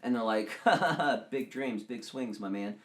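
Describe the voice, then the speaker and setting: A man hosting a podcast, chatting casually and joking, with sudden loud bursts of laughter and excitement. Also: lowish voice, normal speed. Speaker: podcast host. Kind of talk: casual chat.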